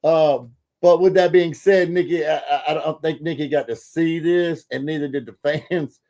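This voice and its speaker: A man with a drawl hosts a casual podcast. His voice sits fairly high for a man, and he talks in a folksy, filler-heavy way that jumps into excited bursts. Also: normal speed. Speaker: podcast host.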